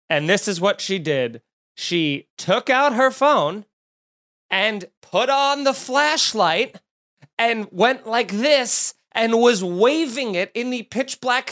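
A man, hosting a podcast and telling a story in a loose, animated way, swearing freely and jumping up in pitch when he gets worked up. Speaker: podcast host. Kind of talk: casual storytelling.

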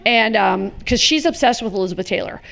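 A woman in her fifties from the American Midwest, a comedian telling animated, profane stories in a casual interview with quick asides. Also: mid-range voice, vocal fry. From Chicago, USA. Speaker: comedian guest.

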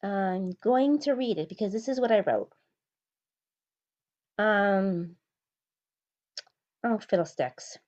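A woman hosts her own podcast, riffing bluntly on football and repeating her points for emphasis. Her voice sits at an ordinary pitch. The recording sounds somewhat muffled and lo-fi. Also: lively intonation, slow pace, long pauses, darkish tone. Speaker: podcast host. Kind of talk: opinionated solo sports commentary.

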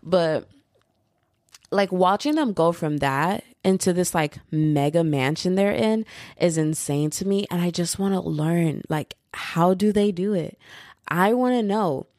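A woman's voice: lowish voice, measured pace, a little mellow, no room sound, clean studio sound. A young American woman hosting a solo podcast, rambling casually in slangy, chatty talk and laughing easily. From United States. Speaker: podcast host.

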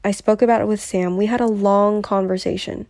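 A woman's voice: mid-range voice, steady tone, a little fast, creaky, darkish tone, no echo, studio quality. Earnest young woman hosting a podcast. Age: young adult. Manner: candid, earnest and confessional. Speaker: podcast host. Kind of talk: solo podcast talk.

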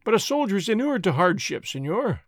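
Man voicing a bored young nobleman, drawling, sly, lively pitch, dry sound. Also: a little fast, no room sound. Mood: mocking. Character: languid wealthy young Spanish nobleman, lazy and mocking.

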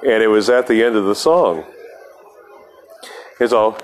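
A man's voice: fairly low pitch, expressive, fairly quick. A man hosting a podcast, telling a rambling, profane story in a casual monologue with laughs between lines. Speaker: podcast host.

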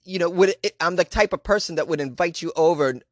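A man's voice: a little high, brisk, no echo, studio quality. A man hosting a comic news podcast, cracking jokes and laughing at his own asides. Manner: wisecracking, laughs often, riffing asides. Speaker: podcast host. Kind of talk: comedic news commentary.

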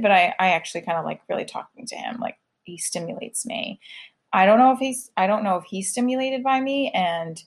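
Chatty rambling woman podcast host. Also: mid-range voice. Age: adult mother of a school-age child. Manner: rambling and chatty, heavy use of "like". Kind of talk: casual confessional chat.

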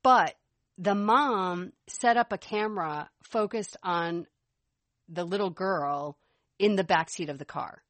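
A woman's voice: lowish voice, slow pace, a bit bright, no echo. Chatty woman cohosting a podcast, bubbly, dry close sound. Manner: chatty, enthusiastic, laughs while talking. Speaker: podcast co-host. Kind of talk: casual chat.

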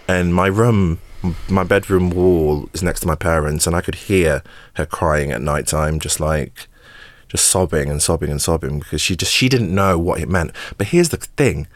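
A low-pitched man speaks in an echo-free recording. He's an English actor and podcast guest who opens up about his life, getting emotional, repeating words, and laughing through the tough parts.

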